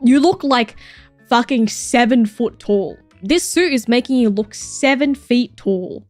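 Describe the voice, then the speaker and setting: A woman in her thirties with a slightly high voice, chatting casually on a livestream. She gushes over viewers' photos, swears freely and throws out mock-jealous insults. Her voice is close and dry, with soft music playing underneath. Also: animated, unhurried, no room sound. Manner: gushing and swearing, mock-jealous outbursts, frequent laughs. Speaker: streamer reacting to viewer submissions.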